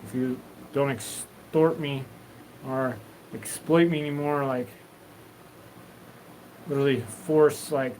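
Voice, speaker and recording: A man's voice: mid-range voice, darkish tone, a little hiss or hum, rough recording. A man hosting a live stream, talking in a loose, rambling, profane stream of consciousness. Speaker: livestream host.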